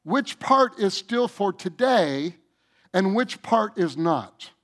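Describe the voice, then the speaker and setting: A man preaching to his church in a high-pitched voice. He takes his time, drawing the words out and pressing each point home as he speaks straight to his listeners. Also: animated, slow pace, a bit bright. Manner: emphatic, addresses the congregation directly. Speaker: pastor. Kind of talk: sermon.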